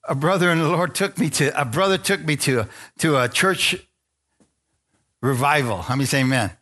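Here a middle-aged man preaches a testimony at normal speed, his fairly high voice bright and forceful. Recounting his own experiences, he acts out the dialogue and asks the congregation for amens.

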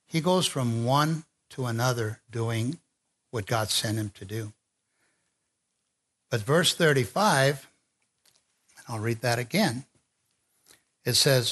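A man's voice: medium pitch, animated, slow pace, pauses often, a bit bright. Conversational man preaching a sermon. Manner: conversational, with fillers and restarts.

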